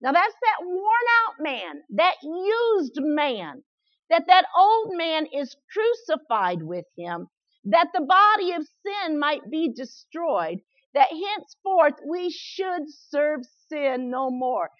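A woman preaches with a very high, bouncing voice that leaps around as she drives home her points. She stumbles through repeated words and laughs along the way. The recording sounds dry and somewhat dull. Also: very animated, takes it slowly, no room sound. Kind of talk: sermon.

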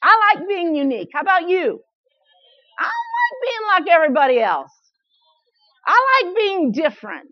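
A woman preaches with a very high, bouncing voice that leaps around as she drives home her points. She stumbles through repeated words and laughs along the way. The recording sounds dry and somewhat dull. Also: huge pitch swings, moderate pace, long pauses, no room sound, soft background music. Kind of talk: sermon.

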